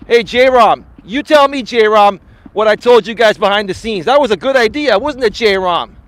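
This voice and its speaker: A man's voice: sits high, animated, unhurried, a bit bright. A man hosting a live stream as a life coach, chatting casually in a boastful, teasing way with casual swearing, recorded outdoors. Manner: boastful, teasing, laughs at his own jokes.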